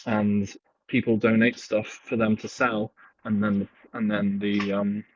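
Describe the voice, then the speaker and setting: A young man chats casually from home, rambling and self-deprecating, with plenty of fillers along the way. His voice sits low and a little husky. It comes through a dull, lo-fi headset mic that clips now and then. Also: monotone, unhurried, no echo. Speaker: vlogger. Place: home, indoors. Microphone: headset microphone.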